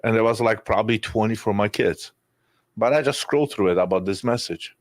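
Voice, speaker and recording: A man with a low voice, speaking candidly and emotionally, with many restarts and an occasional curse. The sound is dry and close, with no room around it. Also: a little fast, no echo. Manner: emotional, rambling with restarts and swearing. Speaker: podcast guest. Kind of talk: candid conversational storytelling.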